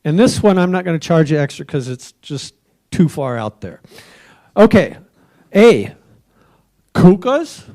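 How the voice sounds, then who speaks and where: A man's voice: a little high, big pitch swings, measured pace, pauses often, a little mellow. A man hosting a trivia quiz at a club meeting, joking with the tables and offering hints for a dollar.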